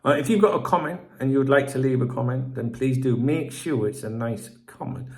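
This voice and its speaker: A man's voice: mid-range voice, fairly quick, darkish tone. A middle-aged man hosting a football channel, ranting in a sweary, exasperated, rambling sign-off to viewers.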